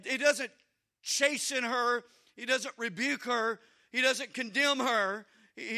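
A man preaching with a strikingly high, sharp voice. He drives his points home with emphasis, swinging from near-shouted peaks to hushed asides. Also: gravelly. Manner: emphatic, builds to shouted climaxes then drops to quiet asides. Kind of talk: sermon.

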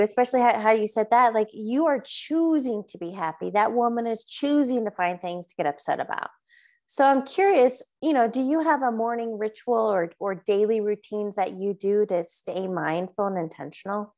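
A woman's voice: a little high, normal speed. A woman hosting an interview, affirming her guest and asking questions. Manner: warm, affirming, asks questions. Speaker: host. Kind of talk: conversational interview.

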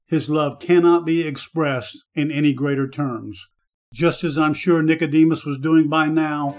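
A man gives a short devotional Bible teaching in an earnest, measured way. His voice sits a little high for a man. Soft music plays faintly behind him. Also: steady tone. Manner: earnest, measured preaching delivery. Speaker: radio Bible teacher and host.

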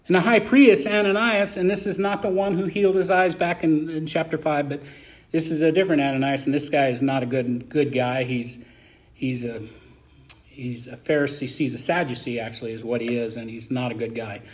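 A man preaching a verse-by-verse sermon as a pastor, talking in an animated, colloquial and emphatic way. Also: fairly high pitch, brisk.

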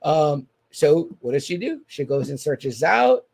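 A man chatting casually as a podcast co-host, recapping a film scene with animated, profane retellings. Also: a little high, measured pace, gravelly, breathy edge. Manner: animated, profane, acts out dialogue. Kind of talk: casual movie recap chat.

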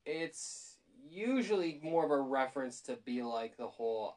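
A woman's voice: very deep voice, lively intonation, normal speed, a little mellow. A woman co-hosting a podcast in casual chat, teasing and rambling, with lots of fillers. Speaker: podcast co-host.

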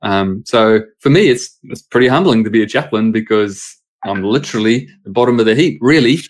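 A man's voice: lowish voice, expressive, brisk. A man, a pastor and sports chaplain, telling stories casually in an interview and acting out the voices of people he quotes.

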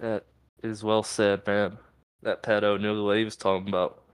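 A man's voice: on the low side, little pitch movement, normal speed, clean tone, no room sound. A young man co-hosting a podcast in casual, profane, rambling chat, at times reading a post aloud and reacting to it. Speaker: podcast co-host.

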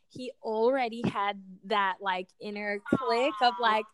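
A woman co-hosting a casual chat, telling animated parenting stories, acting out quotes and laughing often. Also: fairly high pitch, moderate pace, few pauses, no room sound.

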